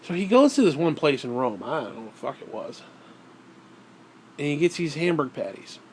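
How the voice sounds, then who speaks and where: A man's voice: fairly high pitch, sing-song, normal speed, a little hiss or hum. A man vlogging, telling a story in a casual, rambling way, swearing often and sounding exasperated.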